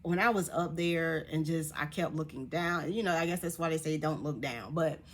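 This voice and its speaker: Young adult woman, lowish register, casual storytelling vlogger; animated, laughs a lot, acts out other people's lines. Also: moderate pace. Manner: animated, laughs often, voices others in quotes.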